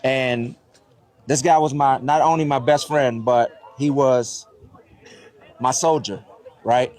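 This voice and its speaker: A man's voice: mid-range voice, steady tone, slow pace, darkish tone. A man presenting an award as head of the organization, heartfelt and choked up, often checking in with "right?". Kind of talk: emotional award speech.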